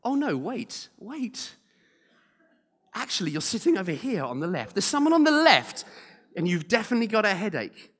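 A man voicing an eager, flustered woman at a conference, frantic and rising in pitch. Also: big pitch swings, a little slow. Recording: long hall reverb.

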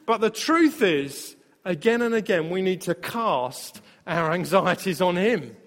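A male pastor with a high voice preaches to his church, telling stories with energy and laughing along the way. His voice rings through a hall with a long reverb. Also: a little slow. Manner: storytelling, animated, laughs often. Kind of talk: sermon.

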